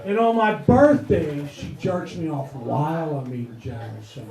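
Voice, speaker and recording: A man's voice: a little high, moderate pace, a little mellow. A man performing a crude stand-up comedy set, telling rowdy stories with punchlines. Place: comedy club stage before a live audience. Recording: echoey club with audience laughter.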